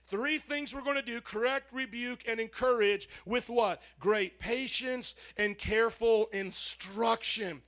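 High-voiced joking church pastor. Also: male voice, a little slow. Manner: lively, joking, calls on the congregation to respond. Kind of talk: sermon introduction. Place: church sanctuary.

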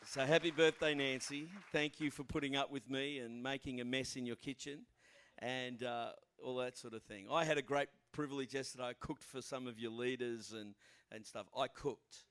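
A man's voice: medium pitch, fairly even intonation, normal speed, a bit bright, smooth, some chatter behind. An Australian man in his fifties, a guest pastor giving an informal, chatty sermon in a church with frequent fillers.

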